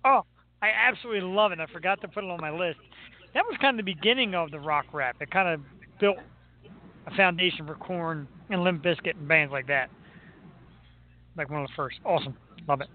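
A man hosting a casual chat about music, goofy and quick to break into silly imitations. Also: a little high, slight background noise. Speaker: podcast host. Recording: tinny phone-line sound.

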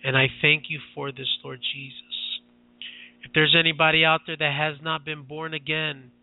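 A male radio preacher pours out fervent prayer in repetitive, impassioned declarations. His voice sits high but stays fairly level in pitch. The sound is dry and tinny, like a phone line. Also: level tone, moderate pace, gravelly, no room sound.

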